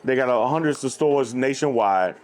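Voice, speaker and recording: A man's voice: mid-range voice, normal speed. A man telling a business story in casual dinner conversation at a restaurant table, loose and full of fillers. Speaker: brand co-founder.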